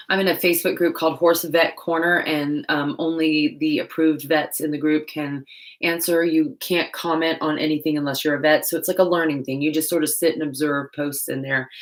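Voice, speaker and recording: A woman hosting a casual livestream while painting, chatting loosely and joking at herself in quick asides. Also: deep voice. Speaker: livestream host. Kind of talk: casual live-stream chat while painting.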